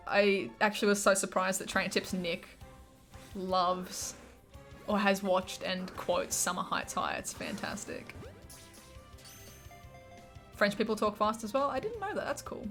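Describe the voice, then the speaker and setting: A woman's voice: mid-range voice, a bit bright. A young woman from Australia with an Australian accent, chatting casually and bubbly with her live chat while playing a game. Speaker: gaming streamer.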